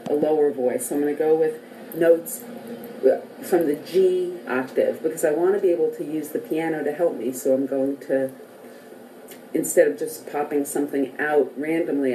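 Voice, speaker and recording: Low-voiced woman teaching singing. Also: steady tone, normal speed, mellow, roomy sound, slight background noise, poor audio. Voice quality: morning voice, low. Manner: friendly, counts and sings scale notes. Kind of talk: casual voice lesson. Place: relative's house, near a piano. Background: piano notes.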